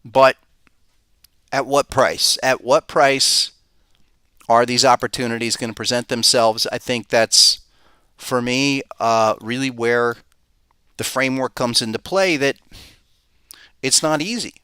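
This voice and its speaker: Crisp, bright-voiced male market host. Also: medium pitch, steady tone, unhurried, pauses often, no echo, studio quality. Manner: conversational, thinking aloud with rhetorical questions. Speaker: podcast host and market analyst. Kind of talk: live market commentary.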